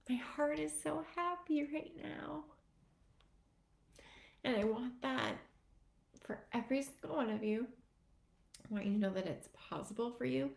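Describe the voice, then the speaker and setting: A woman's voice: fairly high pitch, vocal fry, a little mellow. A woman fitness coach giving an earnest, emotional motivational talk on a live video. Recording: echoey room.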